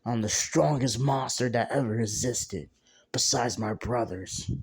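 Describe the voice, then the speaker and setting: A man's voice: mid-range voice, a little slow, slightly rough. A man voicing a huge ancient male monster who is cocky and teasing, with a mocking way of talking in a storybook retelling. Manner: mocking, calls him kid.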